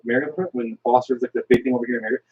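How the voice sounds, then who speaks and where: A man's voice: mid-range voice, steady tone, very fast, husky. A man on a live stream cracking jokes, swearing and filling his talk with "like". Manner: wisecracking, swears, many fillers. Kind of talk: casual chat on a live stream. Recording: dull lo-fi stream audio.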